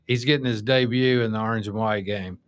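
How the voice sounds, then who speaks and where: A man, co-hosting a podcast and telling stories in a lively, animated way. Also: lowish voice, fairly quick, smooth, no echo. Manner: animated storyteller. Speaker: podcast co-host. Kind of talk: casual chat.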